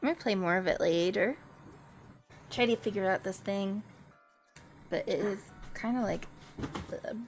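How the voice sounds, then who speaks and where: A woman's voice: mid-range voice, a little slow, pauses often, soft background music. A young woman streamer chatting casually from home into a desk mic, rambling and laughing easily. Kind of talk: casual chat.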